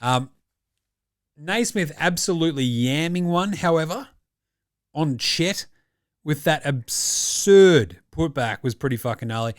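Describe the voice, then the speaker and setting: A man's voice: fairly high pitch, expressive, a little slow, dry recording, clean studio sound. An Australian man hosting a casual sports reaction podcast, talking in a blunt, jokey, profane way. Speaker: podcast host.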